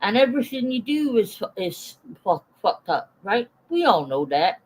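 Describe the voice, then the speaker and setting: A woman's voice: medium pitch, very animated, measured pace, low-quality recording. A woman in her forties holds forth on a casual live stream. She is blunt and swears freely, breaking off now and then to greet viewers in the chat by name. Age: 40s.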